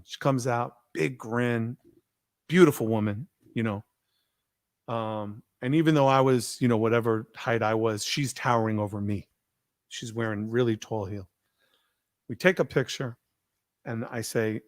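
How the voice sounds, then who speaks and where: A man hosting a podcast, telling a story in an animated way and acting out the people he quotes. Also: mid-range voice, normal speed, long pauses, no room sound, clean studio sound. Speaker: podcast host. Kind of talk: casual storytelling chat.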